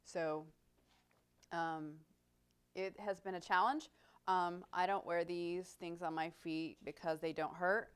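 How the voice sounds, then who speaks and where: Animated woman telling stories. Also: lowish voice, takes it slowly, clean tone. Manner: animated, self-deprecating storyteller. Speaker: city manager speaking to a club. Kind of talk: storytelling talk.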